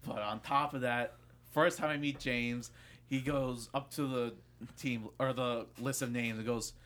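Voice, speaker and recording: Animated young man telling a story. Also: medium pitch, a little slow. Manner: animated, swearing, acts out voices in stories. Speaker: podcast co-host. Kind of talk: casual storytelling chat.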